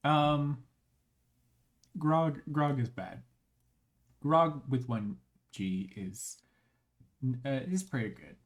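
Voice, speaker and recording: Slow, rambling, playful live streamer. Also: medium pitch. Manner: rambling and playful, with frequent laughs; halting, with many restarts. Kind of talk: casual live-stream chat.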